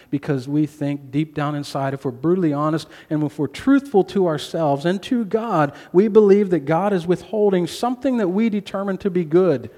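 Male pastor, earnest sermon delivery, slightly high voice, long church reverb. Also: brisk, few pauses. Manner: earnest preaching, drops to a hushed voice for emphasis. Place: church sanctuary.

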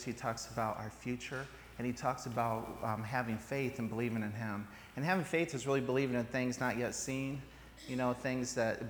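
A man preaching an informal sermon in a church, chatty and joking, with fillers and restarts. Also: mid-range voice. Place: church sanctuary. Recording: reverberant church hall, faint background noise.

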